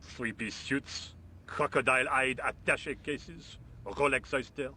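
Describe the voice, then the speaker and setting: A man's voice: medium pitch, slow pace, sharp tone, slight background noise. An actor playing a lazy, indifferent workman with a French accent, speaking in a dry, languid, sarcastic way in a video game.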